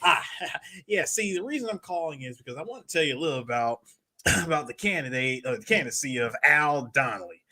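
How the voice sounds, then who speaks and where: A man's voice: fairly high pitch, animated, sharp tone, a little hiss or hum. A man doing an impression of an overeager male campaign volunteer who rambles and chuckles through a cold call. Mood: eager rambling. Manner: fast, fawning, rambling, chuckling between lines. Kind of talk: film quote impression.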